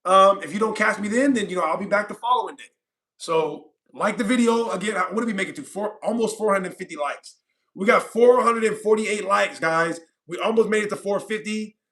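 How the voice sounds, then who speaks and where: A man's voice: sits high, fairly quick, fairly bright tone. A man from California hosting a livestream, chatting casually and reading viewer comments aloud, rambling and repeating himself with frequent laughs. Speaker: livestream host.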